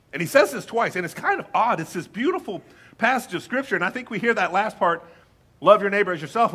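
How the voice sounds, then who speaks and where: A male pastor giving a conversational sermon with playful asides, reading scripture slowly and deliberately. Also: a little high, a bit bright, breathy edge.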